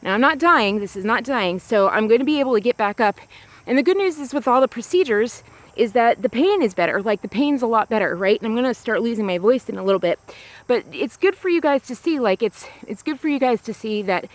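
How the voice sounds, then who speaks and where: A woman's voice: fairly high pitch, animated, a little fast, dry recording. A woman talking to a small camera outdoors on a grassy hill, in a rambling casual monologue full of "like" and restarts. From United States. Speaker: vlogger.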